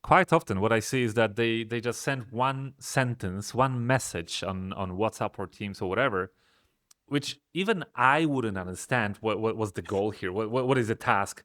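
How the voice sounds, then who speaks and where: A man from Poland, a software company founder, talking through business lessons in a thoughtful, hesitant way, often restarting his sentences. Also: fairly low pitch, normal speed, dry recording, studio quality. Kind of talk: casual business chat.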